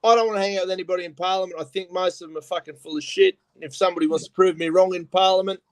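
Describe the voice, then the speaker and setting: A man with an Australian accent and a fairly high voice spins profane, rough-edged stories in casual chat. The sound is dry and close, with no room around it. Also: steady tone, rapid-fire, dry recording.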